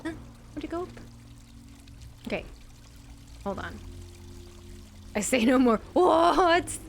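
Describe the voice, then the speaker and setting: A young adult woman with a high-pitched, animated voice and vocal fry speaks slowly over soft background music. As a video game streamer, she offers chatty, giggly let's-play commentary packed with "like."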